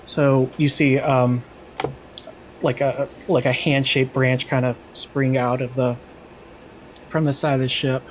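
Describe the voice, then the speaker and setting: A man's voice: medium pitch, flat delivery, unhurried, pauses often, dull audio, slight background noise. A man narrating a tabletop game as its game master, in a loose, hesitant way with many fillers.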